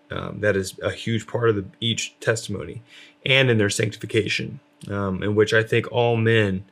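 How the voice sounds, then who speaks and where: A man's voice: fairly low pitch, creaky. A man talking casually about faith with his wife, rambling with lots of fillers and restarts. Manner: rambling, many fillers, self-described loud.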